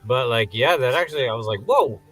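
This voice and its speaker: A man co-hosting a casual movie podcast, tossing in jokes and quick asides. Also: mid-range voice, a bit bright, no room sound, faint music behind. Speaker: podcast co-host. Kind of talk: casual movie review banter.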